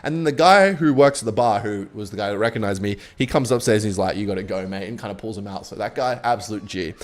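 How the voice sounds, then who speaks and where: A man's voice: on the low side, animated, fast. A young man streaming a game and telling a story in a laid-back, rambling way, swearing freely. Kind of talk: casual storytelling while gaming.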